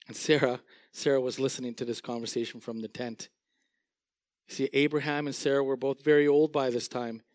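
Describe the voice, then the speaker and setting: A male pastor preaching a sermon in an animated, storytelling way, often chuckling as he paints vivid word pictures. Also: mid-range voice, brisk, no echo, clean studio sound.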